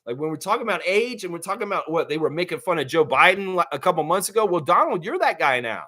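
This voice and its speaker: A man hosts a casual live stream, reading viewer comments and firing back blunt, profane takes. His voice sits somewhat high and leaps up and down as he talks. He speaks into a desk mic. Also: sing-song, quick pace, sharp tone. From United States.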